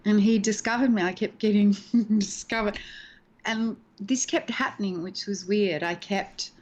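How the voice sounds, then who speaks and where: Woman, middle-aged, animated storyteller, casual video-call interview. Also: mid-range voice, measured pace, highs cut off. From Australia. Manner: animated storyteller, acts out quoted voices. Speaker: actress interviewed as guest.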